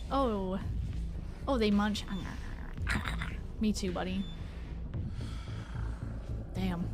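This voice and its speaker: A woman streaming a horror game, reading its text and reacting loudly, swearing and shrieking at scares. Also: mid-range voice, drawn-out words. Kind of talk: live game playthrough commentary. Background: game music.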